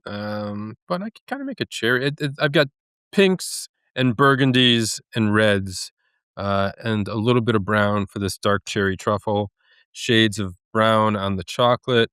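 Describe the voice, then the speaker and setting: Man, casual podcast chat, rambling and hesitant, smooth clear voice, dry close mic. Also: fairly low pitch, unhurried, a bit bright, dry recording. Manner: rambling, hesitant, many ums. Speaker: podcast co-host.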